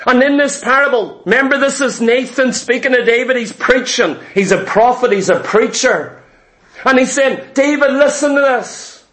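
A man preaching a sermon, retelling a Bible story slowly and dramatically and acting out the speakers' words. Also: extremely high pitch, pushed and bright. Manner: acts out biblical figures' speech.

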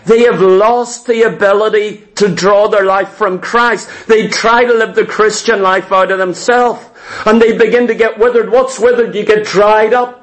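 Slow, high-voiced male preacher. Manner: emphatic and repetitive, often asks "do you know what". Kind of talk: sermon.

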